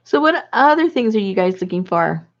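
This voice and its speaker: A woman's voice: medium pitch, very animated, moderate pace, dull audio. A woman hosting a casual live video chat, talking with viewers in a rambling, chatty way with frequent laughs.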